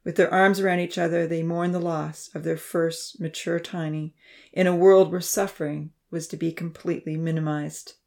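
A woman narrating a novel in a steady, measured reading voice. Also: fairly low pitch, gravelly. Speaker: audiobook narrator. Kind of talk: scripted narration.

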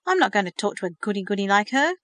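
A woman's voice: medium pitch, sing-song, fast, a bit bright, no room sound, clean studio sound. A woman reading the part of a sullen, sarcastic teenage boy who is lonely and defensive. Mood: resentful. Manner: sarcastic, scoffing. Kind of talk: audiobook reading.

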